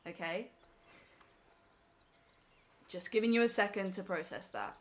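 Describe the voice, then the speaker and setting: A woman's voice: mid-range voice, expressive, measured pace. A young woman on a live stream, emotional and teary as she talks to her chat from home.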